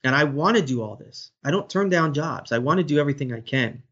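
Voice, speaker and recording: A man's voice: on the high side, expressive, fast talker, a bit bright. A man in his thirties, a sports broadcaster, speaking earnestly in a podcast interview and telling a personal story with many restarts. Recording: dull lo-fi audio.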